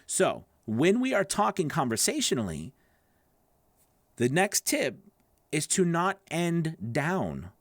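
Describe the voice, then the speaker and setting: A voice acting coach talks straight to his students, his slightly nasal, gravelly voice rising and falling a lot as he rambles and restarts. He keeps checking in with them as he goes. The sound is close and dry, with no room in it. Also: a little high, wildly swooping pitch, slow pace, no room sound. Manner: loose, rambling, with restarts and checks like "okay? right?". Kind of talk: casual teaching to camera.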